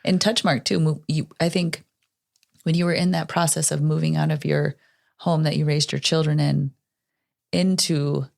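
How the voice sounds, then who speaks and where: A woman's voice: low voice, little pitch movement, normal speed, vocal fry, darkish tone. A woman co-hosting a podcast, chatting in an encouraging, heartfelt way. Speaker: podcast co-host. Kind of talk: casual conversation.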